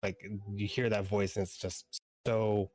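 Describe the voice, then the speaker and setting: A man's voice: on the low side, little pitch movement, unhurried, a little mellow. A man co-hosting a podcast, chatting casually and rambling enthusiastically, with a casual swear here and there. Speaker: podcast co-host. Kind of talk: casual chat.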